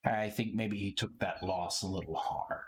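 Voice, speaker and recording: A man doing a hesitant, low-voiced confiding host. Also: normal speed, slight background noise, close to an everyday voice. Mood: guarded. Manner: hesitant, confiding, full of fillers.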